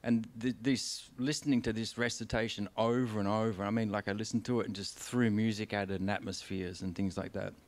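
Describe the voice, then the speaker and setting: An Australian man with a somewhat low voice tells his stories on stage. He rambles and restarts often, swears casually, and sounds candid and unpolished, as in a live conversation in front of an audience. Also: fairly even intonation, fairly quick, few pauses. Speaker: guest author. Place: stage of a concert venue.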